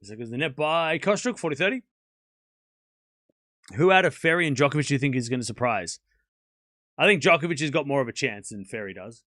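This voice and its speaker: Male streamer host, casual live tennis play-by-play, bright and forceful tone, dry close sound; calls the points, then chats with viewers between rallies. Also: medium pitch, lively intonation, fairly quick, long pauses, no room sound.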